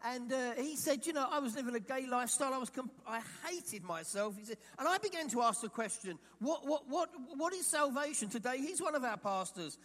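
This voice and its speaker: Animated preacher from England, high voice. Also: male voice, fairly quick, hardly any pauses, in a large hall. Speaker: pastor. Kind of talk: sermon.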